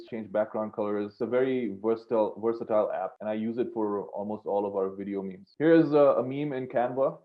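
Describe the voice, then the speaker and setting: Guy doing a screen share course, rambly and casual, tinny phone sound. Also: mid-range voice. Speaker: course instructor.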